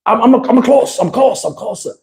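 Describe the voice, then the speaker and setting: A man's voice: extremely high pitch, big pitch swings, a little mellow, voice pushed up. A man voicing a flustered male investor who stammers politely. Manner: stammering, halting.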